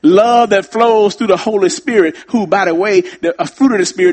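A pastor delivers a sermon in a high voice, talking fast with hardly a pause. He repeats lines for emphasis and addresses the congregation directly.

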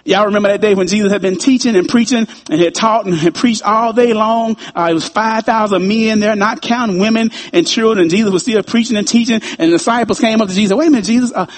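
A man's voice: high-pitched, fast, few pauses. A man preaching a sermon in a conversational way, chuckling often and repeating his phrases.

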